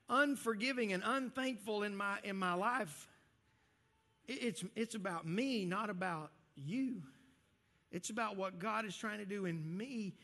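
A man with a fairly high voice preaches to his congregation as their pastor. He talks in a lively, conversational way, often restarting his sentences. His voice rings out with a long reverb from a big church hall. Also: unhurried. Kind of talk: sermon.

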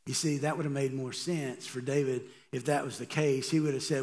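A man's voice: medium pitch, steady tone, brisk, few pauses, a little mellow. A middle-aged man, a pastor, preaching a sermon in a conversational way and asking the congregation rhetorical questions.

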